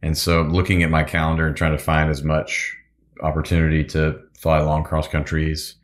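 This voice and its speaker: Male guest, low bass voice, loose rambling storyteller, laughs a lot. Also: completely flat delivery, moderate pace. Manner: rambling, restarts, laughs often. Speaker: musician and pilot guest. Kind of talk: casual storytelling interview.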